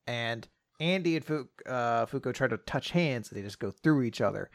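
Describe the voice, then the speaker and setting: A man's voice: medium pitch, moderate pace, dry recording, clean studio sound. A man co-hosting a podcast, casually recapping a story with many fillers. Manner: rambling, full of fillers and laughs. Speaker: podcast co-host.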